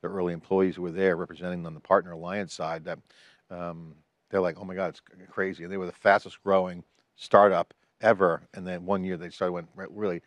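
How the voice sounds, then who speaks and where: A man's voice: low-pitched, flat delivery, brisk, no room sound. A man co-hosting a podcast, talking in a rambling, chatty way and restarting phrases. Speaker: podcast co-host. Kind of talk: casual tech chat.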